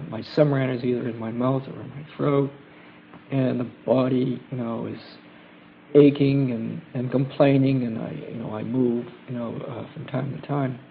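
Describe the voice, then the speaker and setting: Gravelly man on an old tape. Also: medium pitch. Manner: halting, many fillers and restarts, gentle and reflective. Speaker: group member sharing trip experiences. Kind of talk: casual spoken testimony at a gathering. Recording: dull lo-fi tape with faint hiss.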